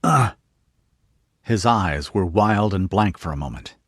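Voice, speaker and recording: A man reads a fantasy novel aloud in steady scripted narration. His voice is low and husky. The recording is dry and close. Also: normal speed, no room sound. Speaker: audiobook narrator.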